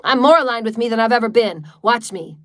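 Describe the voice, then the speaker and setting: Woman, fairly high voice, spiritual livestream leader, defiant and declarative, chant-like repetition, swears. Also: quick pace, a bit bright. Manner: swears freely. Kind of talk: livestreamed guided meditation.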